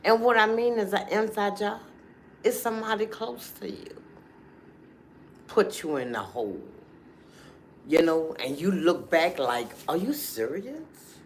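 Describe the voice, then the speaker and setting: A woman, hosting a casual livestream and talking straight to her viewers in a chatty, animated way. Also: medium pitch, unhurried, long pauses, a little hiss or hum. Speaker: livestream host.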